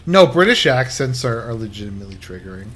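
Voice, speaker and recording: A man's voice: medium pitch, sing-song, fast talker, a bit bright, breathy edge. A man livestreaming a game and chatting casually with viewers, rambling with lots of fillers and blunt, crude remarks. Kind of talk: casual chat while gaming.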